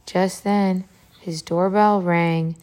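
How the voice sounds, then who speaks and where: Animated woman reading a picture book to kids. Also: on the low side, takes it slowly. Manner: animated, asks the children questions. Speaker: reader to children.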